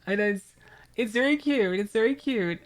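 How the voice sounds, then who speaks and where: A woman's voice: a little high, normal speed. Chatty, laughing woman game streamer. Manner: chatty, laughs often, reads and thanks viewers' chat. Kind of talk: casual live-stream chat while playing.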